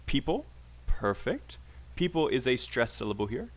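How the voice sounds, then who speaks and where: A very animated man with a British accent and a mid-range voice leads a live online pronunciation class in English, slowly drilling sentences while cheering his students on.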